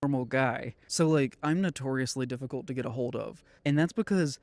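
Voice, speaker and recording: Man calmly explaining himself. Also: mid-range voice, fairly quick, dry recording. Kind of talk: apology video.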